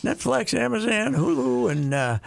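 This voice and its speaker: Gravelly older man reminiscing. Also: very high voice, very animated, normal speed. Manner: rambling, reminiscing, hesitant restarts. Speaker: radio talk show regular. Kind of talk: casual chat.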